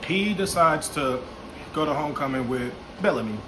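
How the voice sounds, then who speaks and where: A man's voice: a little high, animated, normal speed, background noise. A young man vlogging a casual storytime while eating, talking loosely with slang, swearing and playful asides. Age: young adult. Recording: echoey room with music behind.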